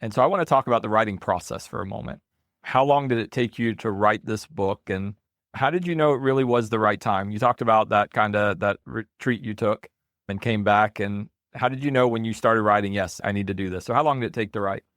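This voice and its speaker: A man's voice: on the low side, a little fast, a bit bright, no echo, clean studio sound. A man hosting a podcast interview, affirming his guest and asking open questions. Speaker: podcast host. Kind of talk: interview conversation.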